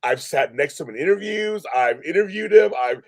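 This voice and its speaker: A man gushes in casual chat, swearing freely. His voice sits high and swings widely in pitch. The recording is dry, with no room sound. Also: brisk, gravelly, dry recording. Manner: gushing, animated and profane. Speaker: interviewer.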